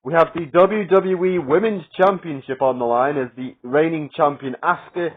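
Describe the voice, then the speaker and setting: A man with a slightly high voice talks through his picks in a loose, rambling way. He leans on fillers and laughs at his own jokes. The sound is thin and boxed in, like a phone line. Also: moderate pace, slightly rough. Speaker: wrestling predictions vlogger. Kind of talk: casual solo predictions commentary.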